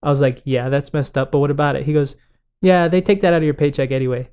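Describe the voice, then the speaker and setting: A young man with a somewhat high voice tells an animated story in relaxed podcast chat. He acts out the other people's lines and laughs easily along the way. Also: fast talker, clean tone. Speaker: podcast co-host. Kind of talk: casual chat.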